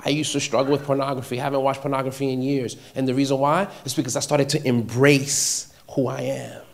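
A man preaching a sermon to a congregation, emphatic and repetitive, swinging between quiet, intimate lines and loud declarations. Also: mid-range voice, little pitch movement, fairly quick, creaky.

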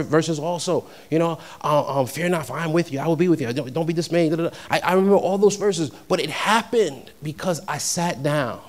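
Young man, pastor from New York, preaching in a talky way that builds to loud, ringing peaks; voice sits a bit high. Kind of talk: sermon.

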